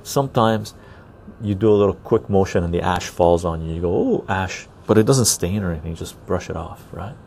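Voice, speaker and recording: A man's voice: low voice, brisk, gravelly, darkish tone, a little hiss or hum. A man hosting a casual outdoor podcast, chatting easily with viewers and tagging his sentences with "right?". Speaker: podcast host. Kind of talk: casual chat while reading live chat. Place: outdoor patio garden.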